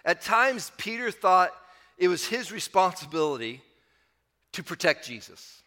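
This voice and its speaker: A male pastor with a high, bright voice delivers a conversational sermon, climbing up on key points and sinking low to close each thought. The sound trails off in a long hall reverb. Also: big pitch swings, unhurried. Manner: conversational preaching, rising with emphasis then dropping low.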